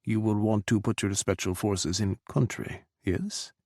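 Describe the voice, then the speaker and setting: A man's voice: on the low side, fairly even intonation, a little slow, mellow, no room sound, clean studio sound. A man putting on a sly Russian president. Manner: smirking, easy, cutting. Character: scheming restless male Russian president.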